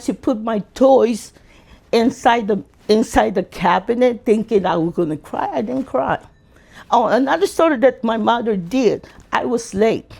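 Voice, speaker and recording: A man, telling his life story as an interview guest in an animated way. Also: gravelly. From Philippines. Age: 60s. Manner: animated, acts out quotes in high voices.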